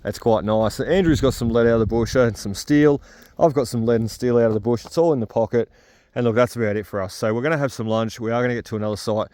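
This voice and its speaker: Out on a wet hillside with his metal detector, this Australian man chats to the camera in relaxed vlog style. He talks fast in a slightly mellow, medium-pitched voice, and there's no echo. He's talkative and quick to laugh.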